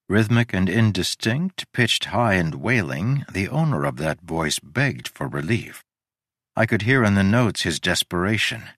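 A man with a low voice narrates a story in a measured, descriptive way. His pitch rises and falls in a lively way, and the recording is close and dry. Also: no room sound.

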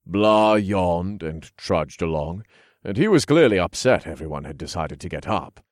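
An audiobook narrator with a very deep, low voice reads a fantasy novel told in the first person. He keeps his storytelling calm, even and unhurried, and the close, dry recording has no room sound.

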